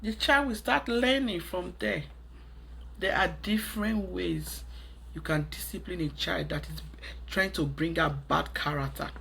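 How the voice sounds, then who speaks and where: A woman's voice: on the low side, a little slow, creaky, a bit bright, slight background noise. A woman with a Nigerian accent giving emphatic, preachy parenting advice in a monologue, repeating her points. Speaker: parenting vlogger.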